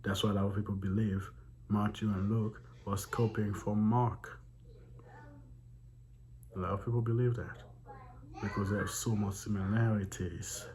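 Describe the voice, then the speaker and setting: A man's voice: lowish voice, darkish tone, a little hiss or hum. A man hosting a Bible study series, reading a book aloud and breaking off to mock the text with laughs and sighs. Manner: laughs and sighs between passages. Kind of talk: reading aloud with running commentary.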